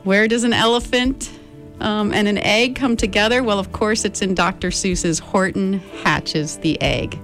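A woman's voice: mid-range voice, a little slow, fairly bright tone, soft background music. A woman reading a picture book aloud as storyteller, talking directly to her listeners in a friendly way.

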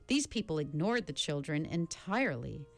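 Expressive woman narrating a storybook. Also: normal speed, gravelly, soft background music. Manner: expressive reading with a lively pitch. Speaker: audiobook narrator.

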